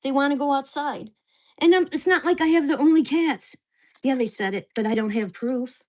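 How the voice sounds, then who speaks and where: A woman's voice: sits high, moderate pace, a little mellow. A woman in her sixties, venting to camera at home in an agitated, swearing rant. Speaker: vlogger. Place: at home in a mobile home park.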